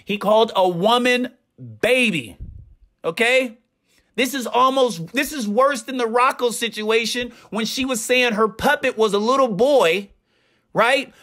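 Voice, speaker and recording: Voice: mid-range voice, a little slow, a bit bright. Young adult indignant streamer ranting. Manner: indignant, ranting, repeats rhetorical "right?". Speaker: streamer commentator. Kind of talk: reaction commentary.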